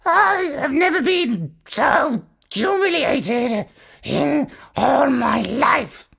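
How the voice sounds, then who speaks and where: A woman voicing a lovesick male parrot who has lost his voice to a cold; his lines come out high, strained and raspy. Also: very animated, very slow, fairly bright tone, full character voice. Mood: lovelorn, anguished.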